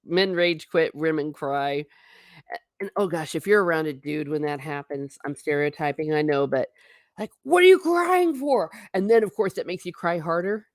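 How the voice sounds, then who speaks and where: A woman's voice: deep voice, moderate pace, dry recording, clean studio sound. A young adult woman hosting a casual livestream, rambling and chatting as she reacts to her viewers' comments. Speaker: livestream host reading chat.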